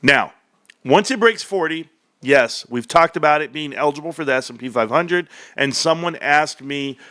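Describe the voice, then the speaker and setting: A man hosting casual stock market commentary, animated and joking, calling his viewers bro. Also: fairly high pitch, normal speed, no room sound, studio quality. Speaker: stock market video host.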